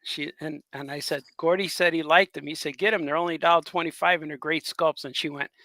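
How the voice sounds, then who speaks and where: A man co-hosting a casual chat, telling stories with lively acted-out voices. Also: a little high, fast talker, no room sound. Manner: animated storyteller, acts out voices. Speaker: co-host.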